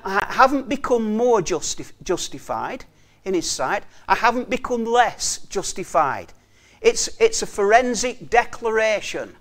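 A man preaching a sermon earnestly, repeating key phrases for emphasis and often dropping to a soft, quiet delivery. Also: high voice.

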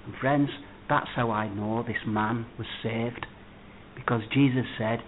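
A man preaching a sermon, emphatic, swinging between loud declarations and hushed words. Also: medium pitch, normal speed, a little hiss or hum. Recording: tinny phone-like audio.

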